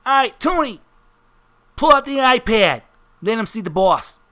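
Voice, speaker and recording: A man's voice: very high voice, big pitch swings, unhurried, bright, forceful tone, pitched above the performer's own voice, heavily acted. A man voicing a brash, theatrical male mobster henchman who talks tough and calls people son. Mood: bossy. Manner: tough-guy street talk, calls everyone son.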